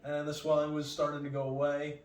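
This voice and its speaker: Guy comedian telling a wild story, swears a lot, kinda high voice, roomy echo. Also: brisk. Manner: animated, profane, acts out other people's lines. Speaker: comedian guest. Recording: echoey room, distant mic.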